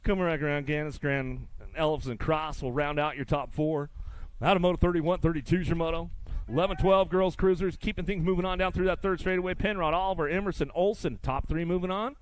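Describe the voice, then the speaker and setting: Male race announcer, upbeat play-by-play with joking asides, smooth and fairly high voice, dry close sound. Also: steady tone, brisk, no echo. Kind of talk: live race commentary. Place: outdoor race track.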